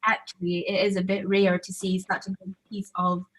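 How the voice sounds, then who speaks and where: A woman's voice: mid-range voice, completely flat delivery, moderate pace, a bit bright, rough recording. A young woman from Zambia with a blend of Zambian, American and Scottish accents, chatting casually on a panel and laughing often. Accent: mixed Zambian, American and Scottish.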